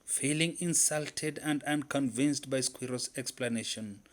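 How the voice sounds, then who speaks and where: A man narrating a folktale in an animated, dramatic storytelling manner. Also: medium pitch, unhurried.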